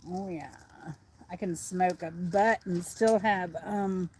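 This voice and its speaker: A woman's voice: on the low side, fairly even intonation, slow, mellow, slight background noise. A middle-aged woman with a Southern American accent, chatting casually and rambling on a livestream while outdoors. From Southern United States. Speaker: livestream host.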